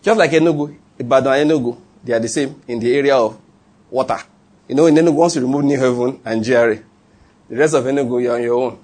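A man's voice: mid-range voice, fast talker. A man with a Nigerian accent preaching a sermon, telling stories with frequent laughs and questions to his congregation. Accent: Nigerian English. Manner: animated, laughs often, asks the audience questions. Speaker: pastor. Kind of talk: sermon storytelling.

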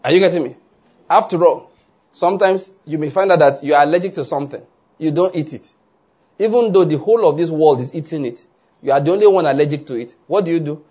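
Male preacher, husky voice on the high side, animated sermon delivery, keeps asking the crowd if they get it. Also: fast. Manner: animated, asks "are you getting my point?" often, laughs along. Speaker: pastor.

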